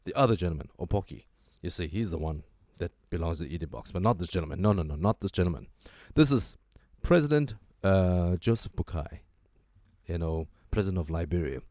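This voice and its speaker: A very deep male voice that swings widely in pitch as he jokes and riffs through a talk show monologue, repeating lines for emphasis. The sound is dry and close, with almost no room around it. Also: a little fast, dry recording. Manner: animated, joking, repeats phrases. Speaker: host. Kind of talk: casual commentary monologue.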